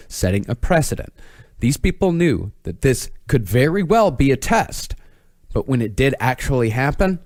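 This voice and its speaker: A man narrates a scripted true-crime story for a podcast. His pitch rises and falls a lot, and he keeps a measured, storytelling pace. The sound is dry and close, with no room echo. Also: a little mellow. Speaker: podcast host telling the story.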